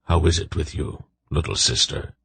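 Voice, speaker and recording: A man's voice: a bass voice, normal speed, creaky, fairly bright tone, breathy edge, no echo, heavily acted. A man voicing an old male wolf pack leader who speaks in a commanding, dry, decisive way in an audiobook.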